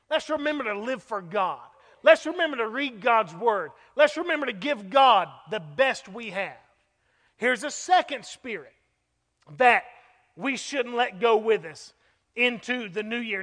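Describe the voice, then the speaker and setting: A man preaching a sermon, telling stories in a folksy, animated way that rises to shouts at key moments. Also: extremely high pitch. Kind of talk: sermon with storytelling. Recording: reverberant hall.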